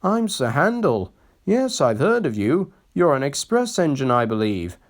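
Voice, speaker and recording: A man's voice: a little high, sing-song, measured pace. A man voicing a haughty, sulky male steam engine in a storybook reading, grumbling and conceited.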